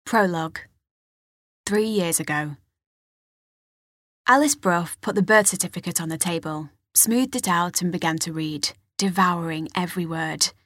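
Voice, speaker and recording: Breathy female audiobook narrator. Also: fairly low pitch, no room sound, clean studio sound. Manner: measured, expressive storytelling. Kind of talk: scripted narration.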